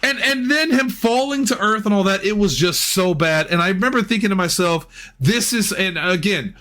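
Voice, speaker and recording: An excitable man with a high, bright voice rants freely in a casual movie review podcast. He talks in an animated, profane rush, building himself up as he argues a point. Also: moderate pace.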